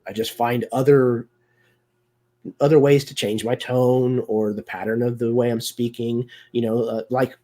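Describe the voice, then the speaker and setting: A man's voice: medium pitch, level tone, measured pace, dark tone. A man hosting a live video discussion, talking casually with many fillers and restarts. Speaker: host.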